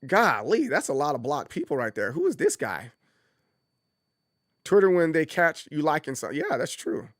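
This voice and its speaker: Man, casual livestream host, rambling and animated, slightly high voice, dry close sound. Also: normal speed, no echo. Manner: animated, rambling, repeats himself. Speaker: streamer host.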